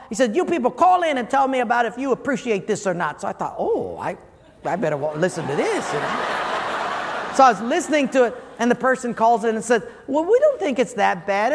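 Pastor, male, very high voice, animated storytelling sermon; big hall reverb. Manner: animated, acts out quoted callers. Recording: long hall reverb, faint room noise.

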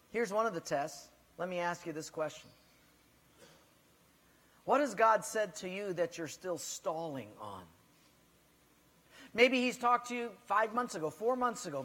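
A man's voice: high-pitched, a bit bright, in a large hall. A man preaching a sermon as pastor, asking the congregation direct questions and telling stories.

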